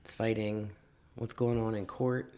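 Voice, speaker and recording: A man talking earnestly in a casual conversation as a podcast guest, often halting and restarting his sentences. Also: on the low side, little pitch movement, warm tone.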